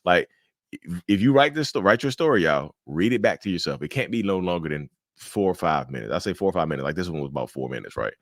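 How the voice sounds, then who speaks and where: A man's voice: deep voice, expressive, fast, no room sound, clean studio sound. A man, giving casual, emphatic commentary on a viewer's story with lots of rhetorical questions. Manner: emphatic, rhetorical questions, says y'all often.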